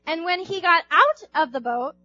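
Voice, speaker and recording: High bright young woman preaching casually. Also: animated, moderate pace, lo-fi sound, faint music behind. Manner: chatty, acts out Bible characters in voices. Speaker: youth group speaker. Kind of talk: casual youth sermon.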